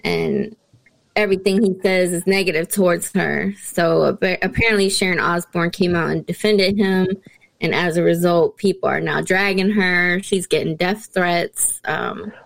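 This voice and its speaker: Woman co-host, low gravelly voice, dry close sound, news-topic lead. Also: expressive, normal speed, no room sound, rough recording. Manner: introduces topics, many ums. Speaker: podcast co-host. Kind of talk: casual chat.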